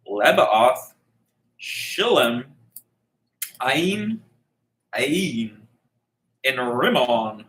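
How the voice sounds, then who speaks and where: Guy reading the bible out loud, slow and bright, keeps mangling names and cracking jokes, echoey room. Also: medium pitch. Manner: stumbles over names, jokey asides, swears. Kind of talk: casual comedic bible reading.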